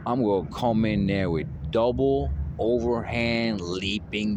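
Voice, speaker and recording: In a phone recording over a noisy background, a man boasts and playfully taunts in rambling trash talk about a fight. The vlogger speaks slowly in a fairly low-pitched voice.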